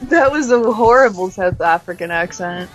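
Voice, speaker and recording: A woman's voice: mid-range voice, expressive, moderate pace, dull audio, faint music behind. Blunt teasing woman co-host. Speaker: prank call show co-host. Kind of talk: casual chat.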